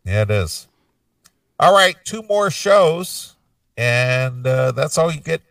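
A man's voice: mid-range voice, sing-song, slow pace, vocal fry, fairly bright tone, dry recording, distant mic. A man co-hosting a casual metal music podcast, rambling and laid-back with plenty of fillers, hiccuping now and then. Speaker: podcast co-host. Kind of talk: casual chat.

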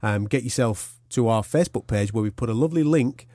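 A man hosting a podcast, teasing and jokey in easygoing chat. His pitch is middling for a man, and the sound is dry and close on a studio mic. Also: fairly quick, dark tone, no room sound. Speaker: podcast host. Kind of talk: casual chat.

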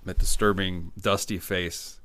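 A man's voice: low-pitched, flat delivery, a little slow, pushed and bright, no echo. A man co-hosting a podcast, chatting casually about a movie, joking and trailing off mid-thought. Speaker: podcast co-host.

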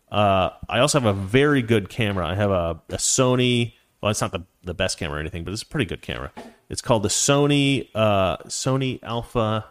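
A man hosts a livestream from a home studio, reading out viewer messages and answering them. He talks into a desk microphone in an opinionated, rambling way, restarting his sentences often. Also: fairly low pitch. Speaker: live stream host. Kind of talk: livestream commentary reading super chats.

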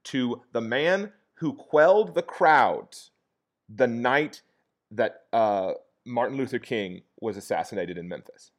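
A man casually retelling a historical episode in conversation, often pausing to check in with "okay?" and leaning on "like". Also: medium pitch. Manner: animated retelling with frequent "like" and "okay?" check-ins. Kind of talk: casual storytelling chat.

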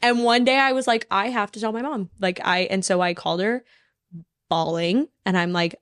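A young woman from Texas hosting a podcast, chatting in an animated, frank way with swearing and laughter. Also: mid-range voice, normal speed, smooth, no room sound, clean studio sound. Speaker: podcast host. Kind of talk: casual chat.

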